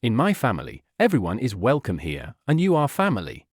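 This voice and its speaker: A man reading a story aloud, voicing a warm, motherly wife who speaks firmly but kindly. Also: medium pitch, wildly swooping pitch, fairly quick, husky, no echo, clean studio sound. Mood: insistent. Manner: warm, coaxing, firm. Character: warm motherly wife, young adult woman.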